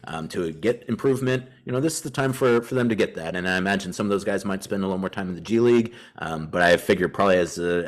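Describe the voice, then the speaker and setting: A man co-hosting a sports podcast in casual chat, walking through player stats in long run-on thoughts. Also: low-pitched. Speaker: podcast co-host.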